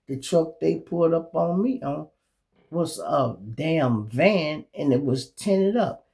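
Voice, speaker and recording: A middle-aged man with a Chicago accent hosting his own show, telling animated, streetwise stories in a casual monologue full of profanity. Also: on the high side, takes it slowly, creaky. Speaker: show host.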